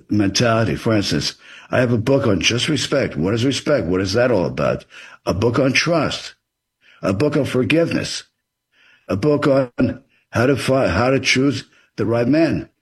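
A man's voice: mid-range voice, lively intonation, measured pace, breathy edge. A man being interviewed as an author, explaining things in an earnest, advisory way. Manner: earnest and advisory, acts out example dialogue.

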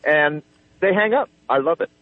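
A man's voice: a little high, lively intonation, normal speed, dry recording, phone-quality sound. A man who calls in to a radio show regularly, chatting on his cell phone and telling stories with a teasing chuckle. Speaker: regular caller. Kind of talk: casual radio chat by phone.

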